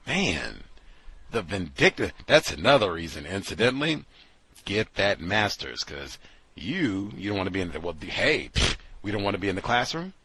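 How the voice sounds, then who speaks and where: A man hosting a talk show and delivering sardonic, incredulous commentary, moving between low mutters and loud exclamations. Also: very animated, normal speed, slightly rough, no echo, low-quality recording. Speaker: show host.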